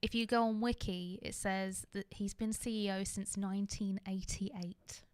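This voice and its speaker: A woman's voice: medium pitch, steady tone, measured pace, a little mellow, no room sound. A woman co-hosting a podcast, chatting casually with wry, mocking asides. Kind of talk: casual chat.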